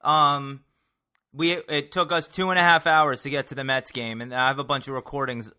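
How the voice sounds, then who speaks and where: Guy hosting a sports podcast, bright forceful voice, rambly and teasing. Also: medium pitch, fairly even intonation, moderate pace, smooth. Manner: rambling, teasing, pushing for energy. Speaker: podcast host. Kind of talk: casual sports chat.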